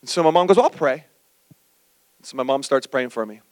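A male pastor preaching a sermon, telling a personal story with animated, acted-out quotes. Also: medium pitch, brisk, no room sound.

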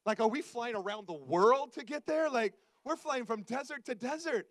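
A man preaches in a fairly high voice, with animated, self-mocking humor that keeps the sermon conversational. He talks to his congregation as if chatting with friends. The sound is dry and close. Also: moderate pace, dry recording. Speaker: pastor. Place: church service before a congregation.

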